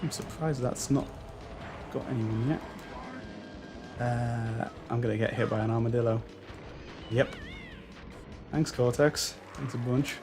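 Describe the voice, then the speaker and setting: A man's voice: medium pitch, a little slow, long pauses, music in the background. A man giving casual, self-deprecating commentary while playing a racing game, swearing and laughing at his own mistakes. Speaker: gaming YouTuber.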